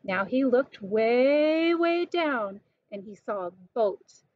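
Slow woman reading a picture book. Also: fairly high pitch, expressive. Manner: slow, clear and deliberate. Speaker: storybook reader. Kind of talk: read-aloud picture book narration. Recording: dull lo-fi recording.

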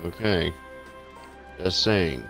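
Low gravelly male gamer, rambling, loud game music behind. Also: expressive, drawn-out words. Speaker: gaming channel host. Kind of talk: casual gameplay chat.

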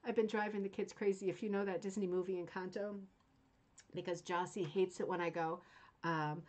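A woman's voice: fairly low pitch, flat delivery, a little fast, darkish tone. Chatty, rambling woman host. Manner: chatty and rambling, often asks "right?"; enthusiastic. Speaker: host of a craft club show. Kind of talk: casual teaching chat.

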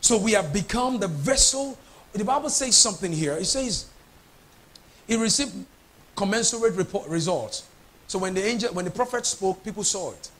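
A pastor delivers a sermon in a notably high voice. He presses his points hard, repeats phrases and keeps asking the congregation whether they are following. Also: expressive, moderate pace, fairly bright tone. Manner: emphatic preaching with repeated phrases and questions to the congregation.

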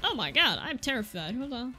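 Hyped young woman gamer, high lively voice, keeps yelping whoa and uh-oh, faint music behind. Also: brisk. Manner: excitable, exclaims and repeats words in bursts. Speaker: gaming YouTuber. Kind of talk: live gameplay commentary. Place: indoor room at home.

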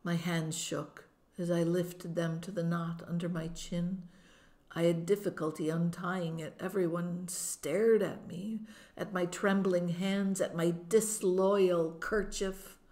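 A woman narrates a first-person novel as an audiobook. Her reading is slow and measured, with an expressive touch. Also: on the low side.

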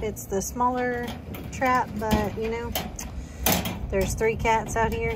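A woman narrating a casual rescue vlog outdoors at a gas station, talking softly and coaxing stray animals in baby talk. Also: a little high, heavy background noise.

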